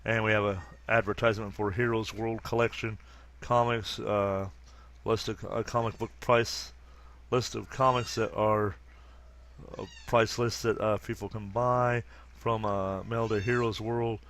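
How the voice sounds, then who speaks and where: A man's voice: fairly low pitch, flat delivery, unhurried, a bit bright, slight background noise. A man reading a comic book aloud and commenting, with frequent stumbles, restarts and fillers. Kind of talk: casual comic reading with asides.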